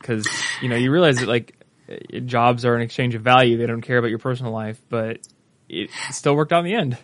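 A male podcast host who comments on his guest's story in a reflective, conversational way. His voice is dry and close, with little sense of a room. The pitch sits at an ordinary middle level. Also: brisk, no room sound. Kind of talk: podcast interview.

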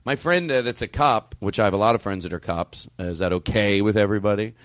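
A man who is a comedian and podcast host, chatting casually and rambling with loose asides and sudden jumps up in pitch. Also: no room sound. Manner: loose, rambling, quick swings up in pitch when riled. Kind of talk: casual chat.

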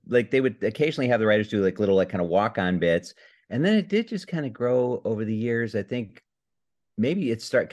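A man from Indiana, a comedy writer, chatting as a podcast guest from his home, self-deprecating and halting, with restarts and laughs. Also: fairly low pitch, a little mellow. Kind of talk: casual interview chat.

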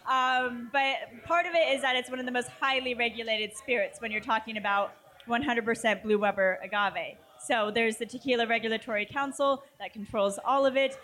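A woman's voice: on the high side, steady tone, fairly quick, fairly bright tone. A woman guest, a brand representative, talking in a chatty, upbeat way at a tasting event, with lots of casual fillers.

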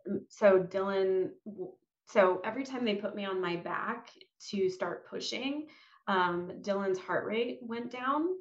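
A woman's voice: medium pitch, unhurried. A woman chatting casually, telling her story with fillers. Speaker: guest mom. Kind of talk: casual chat. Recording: roomy, dull-sounding audio.

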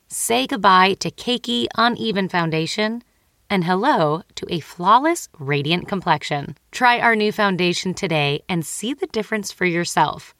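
A woman reading a scripted commercial in a soft, persuasive tone. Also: on the low side, no room sound, clean studio sound. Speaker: ad voice-over. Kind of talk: scripted ad read.

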